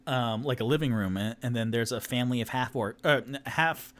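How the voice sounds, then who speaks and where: A man's voice: medium pitch, fairly quick. A man narrating a solo tabletop game as game master, rambling with many fillers and restarts. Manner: rambling, filler-heavy, lively.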